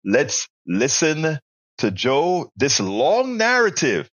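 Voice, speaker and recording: A man's voice: a little high, huge pitch swings, slow, fairly bright tone, no echo. A man hosting a podcast, introducing a clip in loose conversational commentary with fillers. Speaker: podcast host. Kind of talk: casual commentary.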